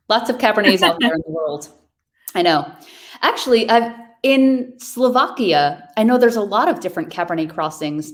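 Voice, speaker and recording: A woman from New York hosting a virtual wine tasting over a video call, chatting casually and describing wines with enthusiasm. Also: mid-range voice.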